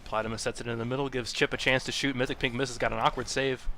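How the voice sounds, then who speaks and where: A man calling live play-by-play for an online game tournament, quick and jokey. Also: mid-range voice, level tone, pushed and bright, a little hiss or hum. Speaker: esports caster.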